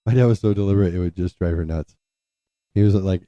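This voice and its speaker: A man's voice: deep voice, fast, warm tone, no room sound. A man telling a personal family story in a rambling way, often restarting his sentences. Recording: dull lo-fi, dry.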